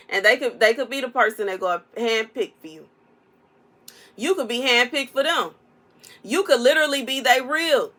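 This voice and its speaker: Bright-voiced woman with AAVE, animated preaching. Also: fairly high pitch. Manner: animated, preachy, playful, African American Vernacular English. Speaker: prophetic content creator. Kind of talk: casual prophetic message.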